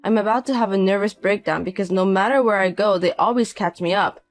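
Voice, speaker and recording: A man's voice: high voice, fairly quick, dry recording. A man voicing a desperate broke ex-husband in his 50s. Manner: pleading, self-pitying. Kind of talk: narrated audio drama.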